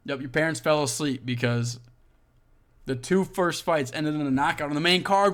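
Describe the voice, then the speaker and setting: A man hosting a show, reading online comments aloud and reacting with heated, profane ranting and sudden loud outbursts. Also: a little high, fairly quick. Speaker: podcast host.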